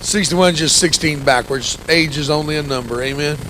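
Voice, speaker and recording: A man in his sixties with a gravelly, grumpy-sounding voice, giving an impassioned, folksy testimony sermon with humor as a church guest speaker. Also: fairly high pitch, brisk, sharp tone, a little hiss or hum, low-quality recording. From United States. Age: 60s. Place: church sanctuary.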